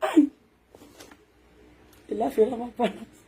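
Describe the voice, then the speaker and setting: A woman with a Nigerian accent, a social media talk show host delivering a scolding, ranting monologue that swings between loud outbursts and hushed muttering. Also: fairly high pitch, sing-song, takes it slowly, long pauses, breathy edge.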